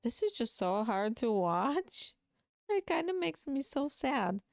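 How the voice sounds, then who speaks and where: Woman, casual game commentator, smooth clear tone, dry close mic. Chatty, talks to viewers. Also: fairly high pitch, sing-song, slow, no room sound. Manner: chatty, emotional asides to viewers. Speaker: gaming video creator.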